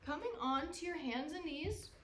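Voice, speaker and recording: A woman leading a gentle, playful yoga lesson for children, coaxing and making animal sounds. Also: high-pitched, expressive, moderate pace, echoey room, background noise. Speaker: kids yoga instructor.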